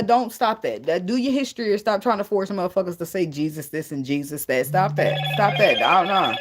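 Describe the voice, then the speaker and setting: A woman tarot reader in a casual spiritual vlog, talking bluntly and emphatically, swearing freely and laughing often. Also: fairly low pitch.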